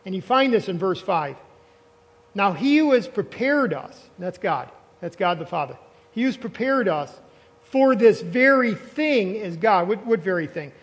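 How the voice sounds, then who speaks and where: A man's voice: high voice, very animated, measured pace. A male pastor preaching a sermon, emphatic, repeating phrases and quizzing the congregation. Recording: long reverb of a large hall.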